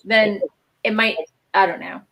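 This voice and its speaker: A woman's voice: mid-range voice, a little slow. A woman hosting a casual writers' livestream, chatty and joking. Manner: chatty, joking, animated quoting. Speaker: livestream host. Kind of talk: casual chat.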